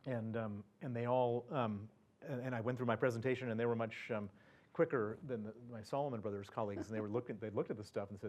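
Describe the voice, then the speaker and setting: A man's voice: mid-range voice, fairly even intonation, quick pace, darkish tone. A man speaking as a guest at an event, telling a personal story in a chatty way, full of fillers, restarts and chuckles. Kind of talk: anecdotal storytelling to an audience.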